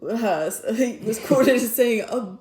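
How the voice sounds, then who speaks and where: A woman's voice: mid-range voice, lively intonation, moderate pace, a little mellow, echoey room. A woman from Michigan with a Midwestern accent, co-hosting a casual political podcast and tossing off sarcastic quips between laughs. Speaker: podcast co-host.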